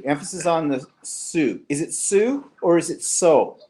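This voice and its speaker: A man's voice: a little high, big pitch swings, moderate pace, few pauses, darkish tone. Chatty man hosting live. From Canada. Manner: chatty and teasing, reads viewer comments aloud. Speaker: co-host of a live online show. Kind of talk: casual live-stream chat.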